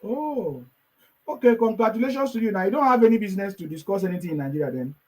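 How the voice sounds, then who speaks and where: A man's voice: sits high, animated, fast talker, a little mellow. A man hosting a heated live discussion who lectures insistently and repeats himself. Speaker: host.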